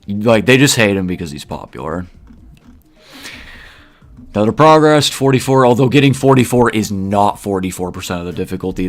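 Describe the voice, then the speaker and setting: A man with a somewhat low voice talks through his gameplay in casual commentary. He rambles and airs strong opinions, filling his sentences with asides and fillers. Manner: opinionated, rambling, heavy use of "like". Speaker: gaming video creator.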